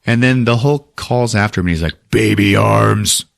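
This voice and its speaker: A man's voice: medium pitch, animated, fairly quick, no echo, studio quality. A man hosting a podcast, casually recapping a movie in a profane, laughing way. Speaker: podcast host.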